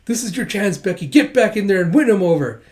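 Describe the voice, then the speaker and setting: A man's voice: sits high, expressive, fast, darkish tone. A man voicing a scheming, lovestruck little rich girl in a manga reading, giddy and breathless.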